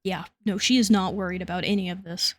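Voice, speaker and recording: A woman co-hosting a podcast, casually recapping comic book plots with relaxed narration and light laughs. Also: lowish voice, fast, no echo. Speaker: podcast co-host.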